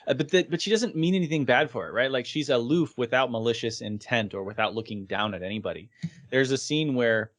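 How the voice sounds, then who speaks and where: A man in casual podcast chat, retelling anime scenes with frequent chuckles. His voice sits at a middle pitch, easygoing and animated as he quotes the characters. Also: a little fast. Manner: animated storytelling, acts out scenes and laughs often. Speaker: podcast co-host.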